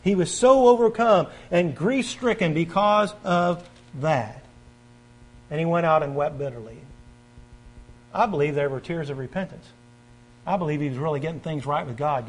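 A man preaching a sermon, reading scripture aloud and swinging from forceful stresses to quiet, earnest stretches. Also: moderate pace, pauses often, low-quality recording. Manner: emphatic, swings between loud stresses and quiet earnest lows; reads scripture aloud and invites the congregation to turn pages.

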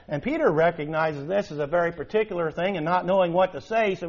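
A man preaching a sermon in an animated way, with emphatic rises and rhetorical questions. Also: high voice, a little fast, few pauses. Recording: dull lo-fi recording.

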